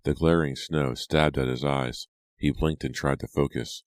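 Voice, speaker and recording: A man reads horror narration in a steady, dramatic way. His voice sits extremely low. The recording is dry and close, with no room sound. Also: normal speed, dry recording. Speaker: audiobook narrator.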